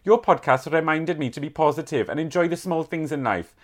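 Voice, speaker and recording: A woman's voice: low-pitched, brisk. A woman co-hosting a podcast, chatting casually with wry, teasing remarks and reading letters aloud. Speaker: podcast co-host. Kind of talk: casual chat.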